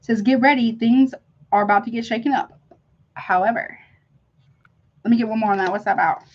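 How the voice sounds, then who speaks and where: A woman's voice: a little high, fairly quick, dull audio. Effusive woman reading tarot live. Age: middle-aged. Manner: effusive, chatty, talks to viewers with honey and y'all. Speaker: tarot reader hosting a live stream.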